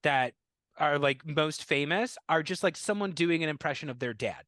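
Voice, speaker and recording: A comedian, appearing as a guest in a casual interview, tells stories animatedly in a fairly high voice at a moderate pace, imitating his relatives' voices and laughing at his own tales. The audio is close and dry, without echo or room sound.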